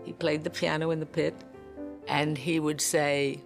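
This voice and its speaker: Gravelly older man telling stories. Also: on the high side, flat delivery, unhurried, soft background music. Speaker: interviewee. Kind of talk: reminiscing anecdote.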